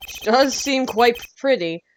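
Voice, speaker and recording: A young woman hosts a game stream, reacting loudly, giggling and swearing through casual commentary. Her voice sits a little high for a woman. A faint noise runs underneath. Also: expressive, measured pace. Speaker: streamer host. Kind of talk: casual let's-play commentary.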